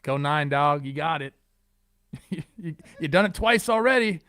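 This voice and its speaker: Male podcast co-host, slightly high voice, lively and teasing, dry close sound. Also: normal speed, clean tone, no room sound. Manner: animated, joking, teasing. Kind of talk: casual sports chat.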